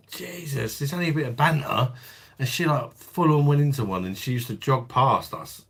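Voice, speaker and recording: A man's voice: medium pitch, moderate pace, vocal fry, fairly bright tone, husky. A man hosting a live stream, chatting casually with viewers, blunt and laughing often. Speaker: livestream host.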